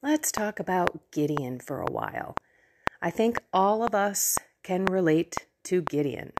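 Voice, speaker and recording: A woman's voice: on the low side, wildly swooping pitch, unhurried, vocal fry, noisy background. A woman hosting a podcast, retelling a Bible story in a conversational way with playful asides. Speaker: podcast host. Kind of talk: casual Bible teaching.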